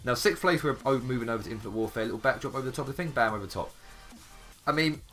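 A young man with an English accent giving casual, chatty commentary over game clips, swearing freely and handing out quick praise. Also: medium pitch, lively intonation, pushed and bright. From England. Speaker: gaming YouTuber. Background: background music.

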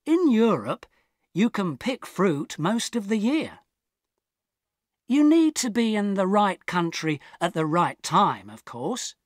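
Woman, first-person audiobook narration, slow, lively pitch. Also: dry recording, studio quality. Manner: slow, plain, even reading for learners.

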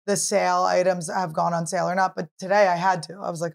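A woman's voice: on the low side, level tone, quick pace, gravelly. A woman comedian hosts her own podcast, rambling through everyday stories in a loose, chatty way. She jokes about herself, drops casual swear words, and keeps the talk easy and conversational. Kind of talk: casual chat.

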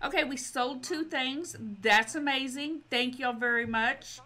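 A woman narrates her game in a casual let's-play style, pitched a little high with a bright, sharp edge to her tone. She talks straight to the characters on screen, coaxing and pleading with them in an exasperated, chatty way. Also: measured pace. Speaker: gaming video creator.

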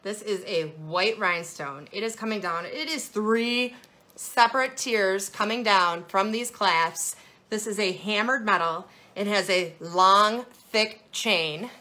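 A woman's voice: medium pitch, a little slow, pushed and bright. A woman hosting a casual live jewelry sales show, bubbly and playful, gushing over each piece.

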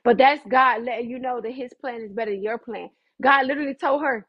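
High husky-voiced woman preaching. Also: brisk, few pauses. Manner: fervent, conversational, dramatic. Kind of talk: livestream preaching. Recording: dull lo-fi livestream audio.

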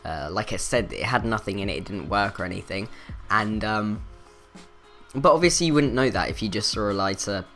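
A man with a low voice tells a school story in a loose, rambling way. He stops and restarts often, and faint music plays under him. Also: animated, a little fast, a bit bright. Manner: rambling, filler-heavy, self-interrupting. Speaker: vlogger. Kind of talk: casual storytelling.

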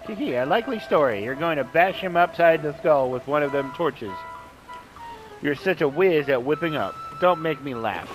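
A man's voice: fairly high pitch, animated, moderate pace, natural voice, rough recording. A man voicing a cocky, mocking male skeleton sailor in a put-on Southern accent over game music. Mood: taunting. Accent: put-on American Southern. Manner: taunting, brash, cackling laugh.

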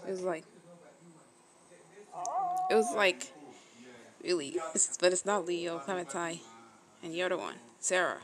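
A woman's voice: lowish voice, steady tone, measured pace, pauses often, rough recording. A woman giving casual, rambling reaction commentary, thinking aloud as she watches. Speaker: video reactor. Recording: video soundtrack music playing behind.

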